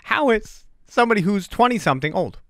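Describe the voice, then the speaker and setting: A man in his forties hosts a casual podcast, talking in a profane, animated rant and often breaking into laughs. His voice sounds bright and forceful. The sound is dry, with no room echo. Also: high-pitched, fast talker. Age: 40s. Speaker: podcast host.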